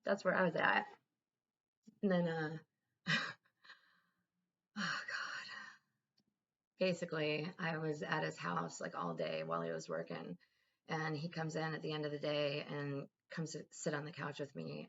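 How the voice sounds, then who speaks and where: Low husky-voiced woman vlogger, lo-fi. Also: normal speed. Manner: candid, profane, animated retelling with quoted dialogue. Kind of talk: casual confessional storytelling.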